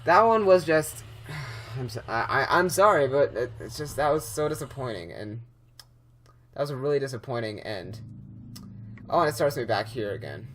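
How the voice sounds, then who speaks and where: A man's voice: medium pitch, lively intonation, normal speed, long pauses, a bit bright, a little hiss or hum. A young man commentating a horror game he is playing, rambling with lots of fillers and restarts, easily startled. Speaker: gameplay commentator.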